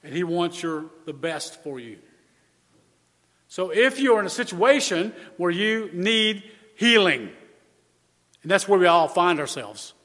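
A man preaching a sermon as pastor, earnest and measured, stressing key words by repeating them. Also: high voice, expressive, fairly bright tone. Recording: long hall reverb.

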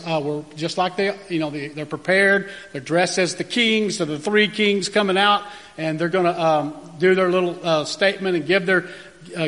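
A man's voice: high-pitched, a bit bright. A man, a pastor, telling folksy anecdotes in a sermon, with frequent fillers and restarts. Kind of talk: storytelling sermon. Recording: long reverb of a large room.

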